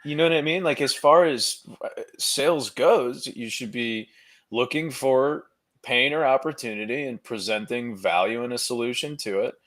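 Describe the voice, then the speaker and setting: A man's voice: medium pitch, normal speed, a bit bright. A man hosting a podcast, chatting in an affirming, conversational way. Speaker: host.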